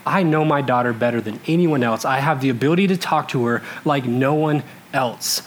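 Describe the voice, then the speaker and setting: A man in his thirties from Alaska, telling a comic story to a live audience, animated and laughing as he talks, swinging between loud bursts and hushed asides. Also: medium pitch, brisk, a little hiss or hum.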